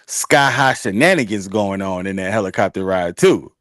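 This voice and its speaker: A man's voice: deep voice, lively intonation, normal speed, fairly bright tone, no room sound, clean studio sound. A man co-hosting a casual book review chat, speaking in a laid-back, slangy way and drawing out his phrases.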